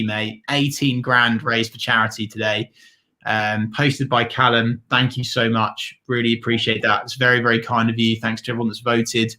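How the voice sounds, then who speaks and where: A man with a sharp, forceful tone of average pitch co-hosts a livestream. He reads out donations excitably and thanks each donor with a rush of enthusiasm. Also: normal speed. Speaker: livestream co-host reading donations. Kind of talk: casual livestream chat.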